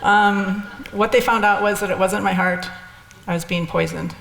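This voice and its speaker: A woman's voice: mid-range voice, fairly even intonation, normal speed, creaky, a bit bright, a little hiss or hum. An older woman telling her personal story in a candid, rambling way, with restarts and asides. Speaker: speaker sharing experiences. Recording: echoey hall with long reverb.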